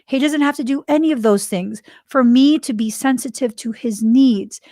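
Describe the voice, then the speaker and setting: A woman's voice: high voice, moderate pace, dark tone, dry recording, clean studio sound. Chatty woman hosting a podcast. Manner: chatty, laughs often, acts out quoted dialogue. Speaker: podcast host. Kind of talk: casual spiritual talk.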